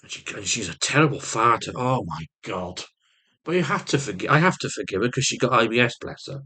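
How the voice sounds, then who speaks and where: A man's voice: mid-range voice, expressive, brisk, pushed and bright, slightly rough. A man vlogging with rambling personal storytelling, swearing constantly and restarting often.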